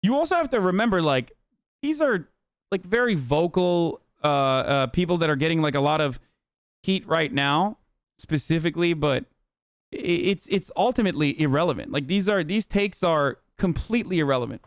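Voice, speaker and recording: Smooth-voiced man ranting on a live stream. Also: a little high, lively intonation, moderate pace, dry recording, studio quality. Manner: profane, blunt, reacting to chat with sarcasm. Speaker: livestream host. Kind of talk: casual live-stream commentary.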